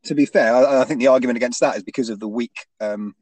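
A man's voice: medium pitch, fast talker, a little mellow, no room sound. A man in a casual sports chat, hesitant, restarting often and ending points with tag questions.

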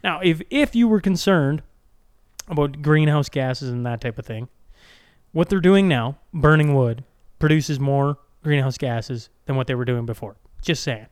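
A man co-hosting a podcast, talking in casual chat with animated, mock-exasperated swearing. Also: a little high, measured pace, clear, resonant tone. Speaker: podcast co-host.

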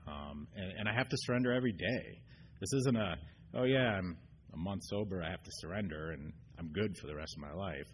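A man with a very low voice speaks at a recovery meeting, earnest and halting. He stops and restarts often and fills pauses with ums. A faint noise sits under the recording. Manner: earnest, getting choked up. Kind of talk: personal recovery share. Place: meeting room.

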